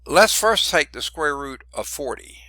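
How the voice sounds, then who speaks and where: A man who is losing his voice teaches a math lesson, working through each step out loud with muttered asides. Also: fairly high pitch, animated, measured pace, no echo. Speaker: math instructor. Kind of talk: recorded lecture working through problems.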